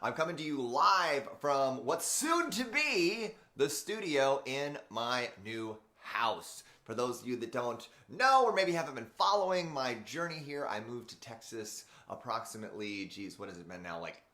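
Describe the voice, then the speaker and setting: A man's voice: mid-range voice, big pitch swings, moderate pace, few pauses, bright, forceful tone. Chatty man live-streaming from an echoey room. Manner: chatty, rambling, laughs often, greets viewers by name. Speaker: host, transformational speaker and coach. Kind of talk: unscripted live-stream talk. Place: room in a new house being made into a studio. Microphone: camera framing, live stream. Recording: echoey, mostly empty room.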